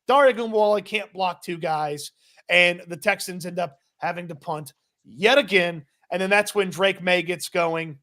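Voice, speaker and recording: A man co-hosting a sports podcast, recapping a football game play by play in a casual, quick, laughing manner. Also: high-pitched, pushed and bright. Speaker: podcast co-host.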